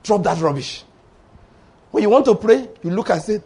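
A man's voice: high-pitched, animated, moderate pace, pauses often, a little mellow, slightly rough. A man preaching a sermon, exhorting his congregation emphatically and mixing in playful story asides. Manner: emphatic, exhorting with tag words like "oh".

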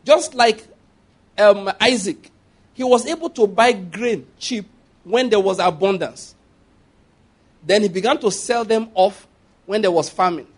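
A male preacher with a notably high voice delivers a sermon in a loose, conversational way. He throws questions back at the congregation and drifts into chatty asides. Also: animated, measured pace, pauses often. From Nigeria. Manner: conversational preaching with asides and laughter, call-and-response.

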